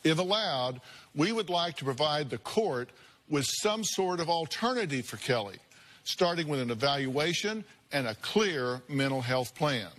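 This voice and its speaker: A man hosting a talk show, speaking in a measured, direct way. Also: a little high, lively intonation, a bit bright. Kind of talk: talk show narration and address.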